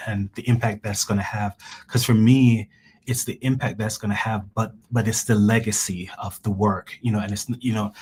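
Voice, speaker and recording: Man from Jamaica, low-pitched, flat delivery, halting earnest interview guest, faint background noise. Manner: halting, restarts often, earnest. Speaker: guest researcher. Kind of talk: interview, personal story.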